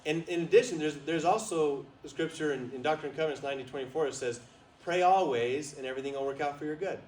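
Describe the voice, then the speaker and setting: A man telling a story at a retreat, animated, laughing often and asking the listeners questions. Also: on the high side, racing. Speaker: guest speaker at a retreat. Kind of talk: storytelling talk to an audience. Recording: roomy, distant, faint noise.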